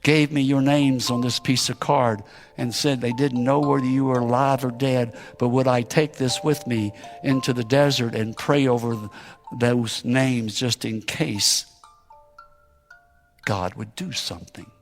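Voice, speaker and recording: A man preaching as a missionary, telling a story emphatically, rising to shouts and falling to near whispers. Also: medium pitch, fairly even intonation, measured pace, soft background music. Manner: emphatic, climbing to shouted exclamations, then dropping to a hush. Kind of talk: sermon storytelling.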